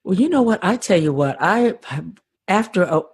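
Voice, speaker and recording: A woman's voice: mid-range voice, expressive, moderate pace, a little mellow, husky, no echo, studio quality. An older woman talking earnestly and with passion as a podcast guest, often repeating words as she starts a thought. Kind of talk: conversational interview.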